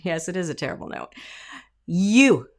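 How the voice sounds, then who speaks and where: A woman's voice: mid-range voice, normal speed. A middle-aged woman vocal coach teaching a singing lesson, with emphatic explanations and short sung demonstrations. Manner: lively, emphatic teaching with sung and spoken examples.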